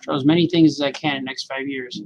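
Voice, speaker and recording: A man's voice: mid-range voice, fairly even intonation, fast, muffled recording, a little hiss or hum. A man rambling and joking to himself while drawing, calling everyone "man". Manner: talks to himself, musing and joking, says "man" often. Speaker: cartoonist drawing on camera.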